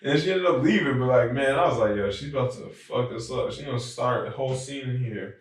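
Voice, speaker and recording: A man telling a work story in relaxed chat, with lots of "like" in his speech. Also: mid-range voice, a little fast. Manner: laid-back, says "like" often. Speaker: podcast co-host. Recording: roomy echo, distant mic.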